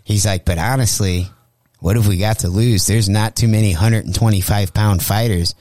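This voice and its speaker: Young guy telling a fight story on a radio show, cussing a lot, lowish voice, dry close mic. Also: normal speed, no room sound. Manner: profane, animated storyteller acting out quotes. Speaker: comedian guest. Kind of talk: casual storytelling chat. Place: radio studio.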